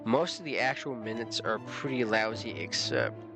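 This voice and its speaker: A man voicing a huge, dim-witted alien guard who talks slowly and ponderously, booming. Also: expressive, over music.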